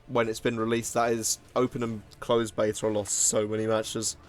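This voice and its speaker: A man's voice: on the low side, completely flat delivery, normal speed. A man giving casual, self-mocking commentary while playing a card game, often laughing at himself. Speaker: gaming video host.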